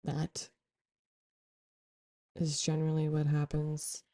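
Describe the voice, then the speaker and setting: Low, flat-voiced woman sharing spiritual reflections. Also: takes it slowly. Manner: meandering and heartfelt, frequent "like" fillers. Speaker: spiritual content creator. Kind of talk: reflective spiritual talk to camera.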